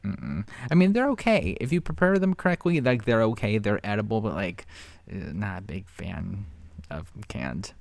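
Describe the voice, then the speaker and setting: A man commenting on a video in a chatty, sarcastic way, his pitch jumping up and down a lot as he talks. The sound is dry and close to the mic, with no room echo. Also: big pitch swings, normal speed, gravelly. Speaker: reaction commentator. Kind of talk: casual commentary.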